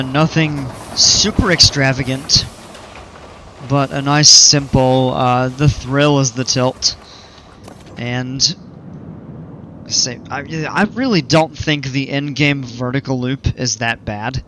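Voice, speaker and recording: A man's voice: mid-range voice, slow pace, pushed and bright, a little hiss or hum. A man casually commenting on a game during a live stream, chatting with viewers in an easygoing, rambling way.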